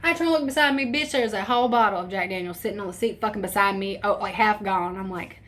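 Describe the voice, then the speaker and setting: A young woman tells a wild personal story straight to camera, casual and animated. She swears freely and acts out what everyone said, jumping between voices. Her pitch sits in a middle range for a woman. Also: quick pace. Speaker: storytime vlogger.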